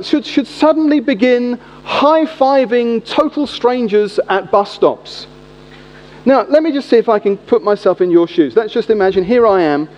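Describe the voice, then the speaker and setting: High-voiced preacher, humorous. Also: male voice. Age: 40s. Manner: humorous, animated storytelling. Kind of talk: sermon. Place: church. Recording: echoey hall, dull lo-fi sound.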